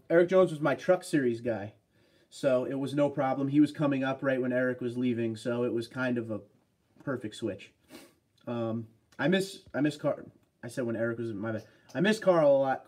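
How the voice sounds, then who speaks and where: A man's voice: mid-range voice, moderate pace, a little mellow. Chatty man hosting a livestream. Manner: chatty and rambling, answering viewer comments. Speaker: livestream host. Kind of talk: casual livestream chat reading comments.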